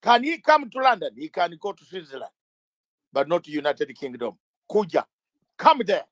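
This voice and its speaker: A man's voice: high-pitched, very animated, moderate pace, fairly bright tone, no echo. A man speaking as an interview guest, emphatic and combative, firing rhetorical questions, sometimes stumbling and restarting words. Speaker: interview guest, legal campaigner. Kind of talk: impassioned interview talk.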